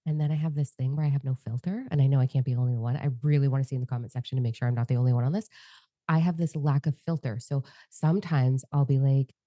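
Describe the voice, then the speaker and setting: A woman co-hosting a podcast in candid casual conversation, talking fast and without a filter, swearing freely. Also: extremely low pitch, steady tone, dark tone, no room sound. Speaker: podcast co-host and psychic medium.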